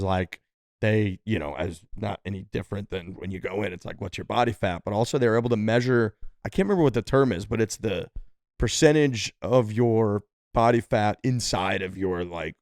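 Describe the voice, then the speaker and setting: A man with a darkish voice on the low side co-hosts a podcast, casually telling a long, rambling story packed with "like" and "dude." He quotes people by switching into different voices. The sound is studio quality with no room sound.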